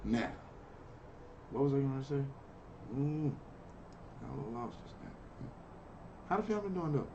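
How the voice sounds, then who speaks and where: A man's voice: mid-range voice, lively intonation, measured pace, creaky, pauses often, lo-fi sound, background noise. A man hosting a reaction video, chatting in a laid-back way and tacking "man" onto most lines. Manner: laid-back, says "man" constantly, laughs often. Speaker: reaction channel host. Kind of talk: casual reaction commentary.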